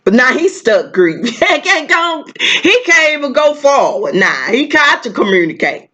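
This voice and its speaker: A woman's voice: sits high, very animated, moderate pace, bright, forceful tone. A woman giving a casual tarot reading to her viewers, emotional and repetitive, calling them baby and girl and laughing often. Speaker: tarot reader.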